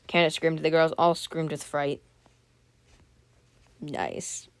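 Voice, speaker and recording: A woman's voice: deep voice, level tone, normal speed, clear, resonant tone. A woman reading a scary story aloud for her channel, often stopping to joke, comment and apologize before going on. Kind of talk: casual read-aloud with chatty asides.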